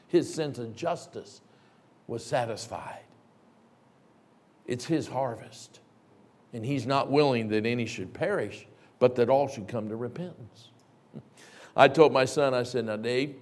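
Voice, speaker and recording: A middle-aged man preaching a sermon, telling a story and acting out the voices in it, sometimes shouting. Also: medium pitch, unhurried. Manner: animated, acts out voices and shouts in stories.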